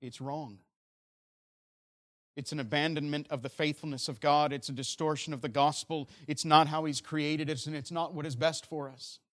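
A man preaching a sermon earnestly, moving between loud emphasis and quiet, slow stresses. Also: on the high side, fairly even intonation. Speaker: pastor.

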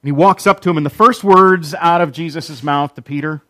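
A man preaching a sermon, emphatic, with repeated phrases and dramatic pauses. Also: fairly high pitch, pushed and bright, no echo. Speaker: pastor.

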